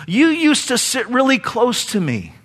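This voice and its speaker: A man's voice: very high voice, huge pitch swings, measured pace, a bit bright, full character voice. A man voicing an elderly wife who wistfully complains that her husband has changed, during a joke in a sermon. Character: elderly wife longing for old romance.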